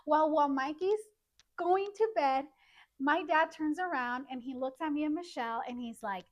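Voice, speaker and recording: A woman's voice: sits high, moderate pace, muffled recording. A woman co-hosting a podcast, telling a story in casual chat and acting out what people said. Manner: animated, acts out quotes. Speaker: podcast co-host.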